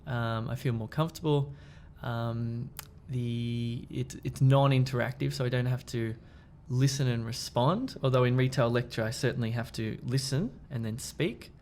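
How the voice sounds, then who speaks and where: A man co-hosting a casual discussion, relaxed and hesitant, with lots of fillers and restarts. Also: mid-range voice, normal speed, few pauses, slight background noise. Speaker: podcast co-host.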